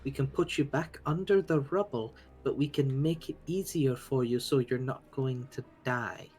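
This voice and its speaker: A woman playing a tabletop game, speaking in character in a gentle, reassuring way with many fillers. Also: extremely low pitch, normal speed, soft background music. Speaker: player. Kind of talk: in-character tabletop role-play.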